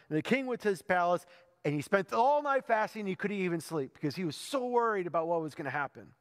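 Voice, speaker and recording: Male pastor, high-pitched, conversational sermon delivery rising to emphatic climaxes; church hall reverb. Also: clear, resonant tone. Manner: conversational storytelling preacher, building to emphatic climax. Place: church sanctuary.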